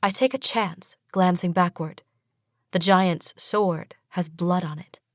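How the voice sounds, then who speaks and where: A woman reading a first-person fantasy audiobook in a measured, even way. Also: on the low side, no room sound, studio quality. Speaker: audiobook narrator. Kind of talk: scripted first-person narration.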